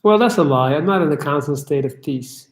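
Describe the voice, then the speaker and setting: A man hosts a casual livestream, bluntly answering chat questions as he reads them aloud, swears, and riffs. His voice is a little high and expressive, a little fast, and the recording echoes.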